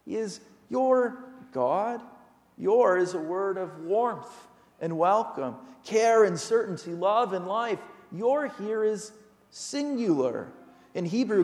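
A man's voice: high voice, darkish tone. A man preaching a sermon as pastor, earnest and emphatic, asking his listeners pointed rhetorical questions. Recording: long hall reverb.

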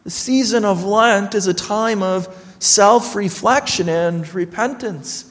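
High-voiced, slow-preaching man. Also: a bit bright, long reverb tail. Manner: earnest storytelling with quoted dialogue. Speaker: pastor. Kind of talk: sermon.

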